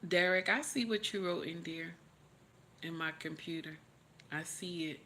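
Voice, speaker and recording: Tearful and preachy, a woman hosts a livestream, offering emotional motivational talk and repeating her encouragements again and again. Her lowish voice moves at a measured pace and sounds pushed and bright, over slight background noise.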